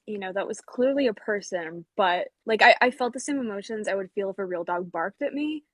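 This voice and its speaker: A woman's voice: medium pitch, expressive, fairly quick, fairly bright tone, no room sound. A woman co-hosting and judging with a playful, joking manner in casual chat. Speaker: co-host and judge.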